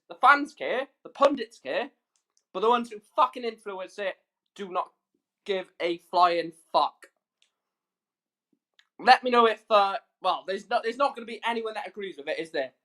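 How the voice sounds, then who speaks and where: Furious and cursing, a man rants on his YouTube livestream, hammering his points home through repetition. His voice sits high and sounds a bit bright.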